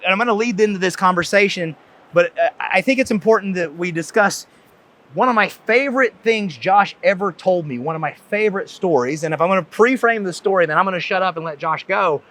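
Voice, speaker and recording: A man with a fairly high voice and a light, toned-down Southern accent hosts a podcast. He rambles with enthusiasm, circling back on his words as he sets up his guest. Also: a little fast, a bit bright. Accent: Southern US, softened. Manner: rambling, many fillers and restarts, enthusiastic. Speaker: podcast host, chiropractor. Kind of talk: casual conversation, introducing a guest.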